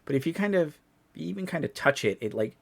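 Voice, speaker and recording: A young man running a tabletop game in a casual, chuckling way, stumbling through fillers as he describes the scene. His voice sits a bit high for a man. He talks in an easy, playful tone. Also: expressive, fast talker, gravelly, crowd noise. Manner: loose, laughing, heavy on fillers. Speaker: game master.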